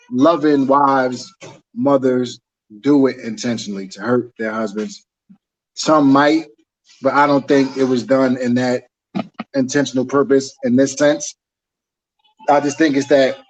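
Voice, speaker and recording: A man co-hosting a casual chat, explaining his view in a relaxed, humorous, conversational way. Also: mid-range voice, highs cut off. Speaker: podcast co-host.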